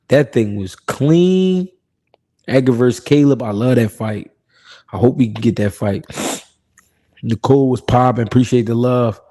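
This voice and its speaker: On a live boxing talk stream, a man with a dark-toned, mid-range voice keeps things casual and slangy. He reads viewer comments aloud, laughs often, and tends to repeat himself, staying relaxed throughout.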